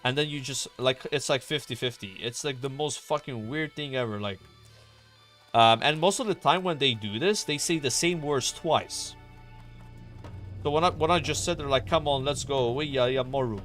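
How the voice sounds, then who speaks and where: A man's voice: mid-range voice, moderate pace, fairly bright tone, soft background music. A young man chatting casually on a stream, rambling, swearing and filling with "like" and "you know.".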